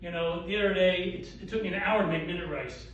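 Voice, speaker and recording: An older man from Delaware, a surgeon doing rapid stand-up one-liners with self-deprecating asides at a dinner event. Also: sits high, a bit bright, recorded from a distance, muffled recording, slight background noise. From Wilmington, Delaware, US. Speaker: orthopedic surgeon telling jokes. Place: banquet hall with audience. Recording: roomy hall audio with crowd laughter.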